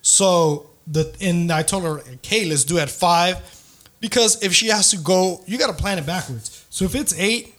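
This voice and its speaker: This thirtysomething podcast host speaks with a high, somewhat bright voice at a moderate pace. He's casually telling a meandering dating story peppered with swearing, slang and some Spanish.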